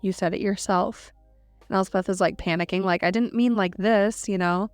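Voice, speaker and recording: Over faint background music, a podcast co-host recaps a novel's scenes in a smooth, medium-pitched voice, speaking at a moderate pace with fairly even intonation. Her relaxed book chat is full of "like" and quoted character lines, and the recording is dry.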